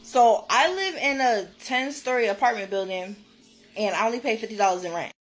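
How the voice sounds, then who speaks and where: Brief: woman, slightly high voice, sarcastic taunts, faint music behind. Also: fairly quick.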